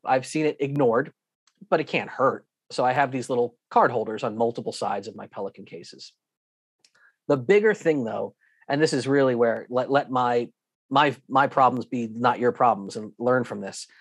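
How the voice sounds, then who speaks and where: A man's voice: medium pitch, dry recording, studio quality. Emphatic man teaching practical travel tips. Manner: lively storytelling, acting out airline staff in quoted voices. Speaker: guest instructor. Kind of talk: online presentation with slides.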